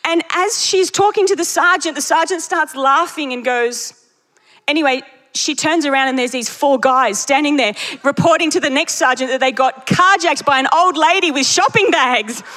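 A woman preacher delivering a sermon, telling stories with lively energy and laughing at her own jokes. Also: high voice, moderate pace. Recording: long reverb of a large hall.

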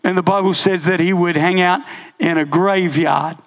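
Man, pastor, high pitch, gravelly, animated sermon storytelling. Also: normal speed. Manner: animated storytelling, laughing often.

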